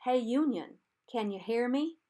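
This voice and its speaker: A scrappy young Confederate boy soldier, as a woman reads him aloud for a storybook. He has a soft Southern drawl and calls out loud and friendly across the water, his voice pitched a little above the narration. He sounds coaxing and folksy. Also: expressive, unhurried. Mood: calling out, coaxing.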